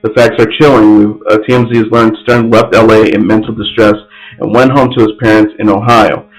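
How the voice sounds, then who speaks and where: A man's voice: fairly low pitch, flat delivery, a little fast, soft background music, low-quality recording. A man hosting an entertainment news podcast, reading stories aloud with frequent slips and restarts.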